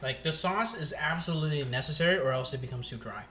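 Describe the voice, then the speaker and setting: A man casually chatting on his cooking live stream, thinking aloud with halting pauses as he tastes the food. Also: a little high, pushed and bright.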